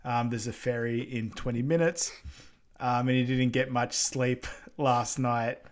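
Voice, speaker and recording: A man's voice: medium pitch, steady tone, a little slow. A man, co-hosting a casual podcast, recapping a film in an easygoing way. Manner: easygoing, lots of ums and agreeing murmurs. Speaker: podcast co-host.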